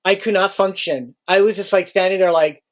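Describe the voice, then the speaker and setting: A man who works as a teacher, telling a story casually and acting out his own panic with sudden high outbursts. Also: steady tone, brisk.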